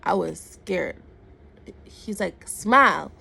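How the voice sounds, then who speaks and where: Woman with a very gravelly voice. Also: lowish voice, normal speed, a little hiss or hum. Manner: animated retelling with quoted dialogue and repeated words. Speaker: vlogger. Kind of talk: casual storytime.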